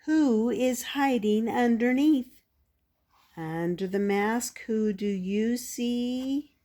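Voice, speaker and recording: Very slow older woman reading a picture book. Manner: plays animal sounds in a higher, louder voice, with soft laughs. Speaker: grandmother reading to children. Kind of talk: children's picture-book read-aloud.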